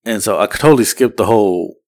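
A man's voice: on the low side, brisk, a little mellow. A man, co-hosting a podcast and telling a rambling, profane story in casual chat. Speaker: podcast co-host.

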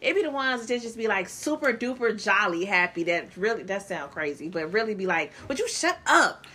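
A woman, co-hosting a casual chat and telling animated stories. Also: mid-range voice, fairly quick, breathy edge. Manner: animated storyteller, acts out quotes loudly.

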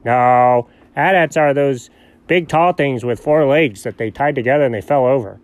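This co-host, a man, takes the role of an inquisitive, geeky young sidekick in comic back-and-forth, asking one question after another. He has a medium pitch close to an everyday voice, and the recording is dry.

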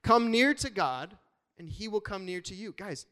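A man delivering a lively sermon from the front of a church, his voice sitting a touch higher than most men's. He preaches in a loose, conversational way, with playful asides and quick shifts in tone as he works the room. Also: long reverb tail. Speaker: pastor.

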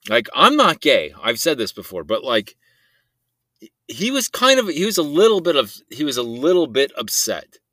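A man's voice: mid-range voice, sing-song, normal speed, pushed and bright, no room sound. A young man telling a rambling story in a casual monologue, swearing freely and breaking into laughs. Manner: rambling, profane, often laughing. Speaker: voice-message storyteller.

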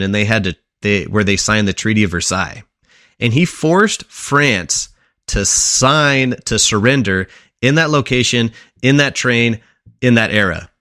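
A man's voice: lowish voice, a bit bright, dry recording, studio quality. A man on a podcast, presenting a history segment in casual chat, telling it like a story and quizzing his co-hosts along the way.

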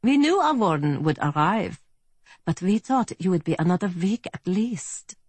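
A woman's voice: lowish voice, animated, moderate pace, darkish tone, slightly rough, no echo, pitched above the performer's own voice. A woman doing a suave German gunman. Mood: cool menace. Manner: cool, polite, threatening. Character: suave menacing middle-aged German man with a pistol.

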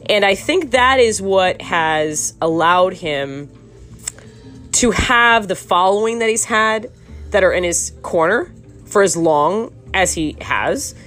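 A woman's voice: medium pitch, expressive, slow, fairly bright tone, soft background music. A woman hosting a podcast, giving casual, sarcastic true-crime commentary that rambles with restarts and breaks into laughter. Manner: laughs often while talking. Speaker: podcast host.

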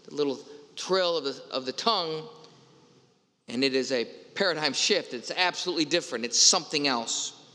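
A man's voice: fairly high pitch, moderate pace, pushed and bright, in a large hall. A man, a pastor, giving a Sunday homily in a conversational, storytelling way with playful asides. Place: church.

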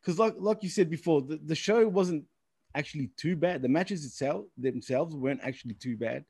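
A man's voice: on the high side, moderate pace, creaky, a little mellow, husky, no room sound, clean studio sound. A man co-hosting a casual wrestling podcast, talking in a friendly, chummy way and calling people "dude" and "man". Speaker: podcast co-host.

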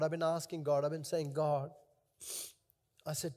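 A man's voice: on the high side, moderate pace, pauses often, darkish tone. A male pastor preaching and praying in an emotional, prayerful way, repeating his phrases. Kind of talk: sermon with prayer.

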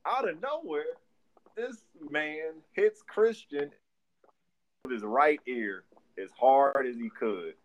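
A man's voice: a little high, slow, muffled recording. A young adult man from Detroit, co-hosting a casual podcast, telling stories with lots of laughter and acted-out quotes. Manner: animated storyteller, laughs often, acts out quotes. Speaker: podcast co-host. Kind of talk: casual storytelling chat.

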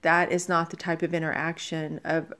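A woman's voice: deep voice, level tone, normal speed, pushed and bright. A woman hosting a discussion, asking questions and affirming and summing up what her guests say. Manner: affirming, asks questions, sums up. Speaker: host. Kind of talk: hosted discussion.

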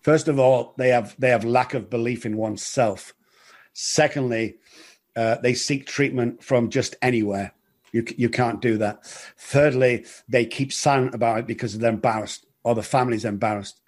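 A middle-aged man telling his recovery story in an interview, earnest and halting, often repeating words. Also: medium pitch, steady tone. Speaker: guest in recovery.

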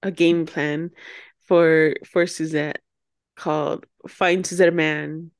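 A woman's voice: low voice, level tone, takes it slowly, clean tone. A woman co-hosting a podcast in casual chat, teasing her friend and chiming in with supportive reactions. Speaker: podcast co-host.

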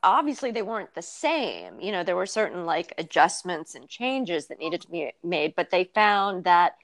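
A woman's voice: on the low side, big pitch swings, moderate pace. A woman in her fifties, a writer being interviewed, talking candidly and thoughtfully with many fillers and restarts. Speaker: guest, writer and blogger. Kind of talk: casual interview conversation.

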